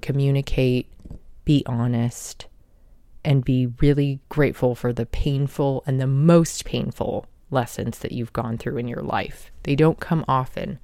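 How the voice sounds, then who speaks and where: Woman host, mellow voice, dry close sound, reflective motivational talker. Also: very deep voice, steady tone, a little slow, no room sound. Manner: reflective, earnest, self-help tone. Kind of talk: motivational monologue.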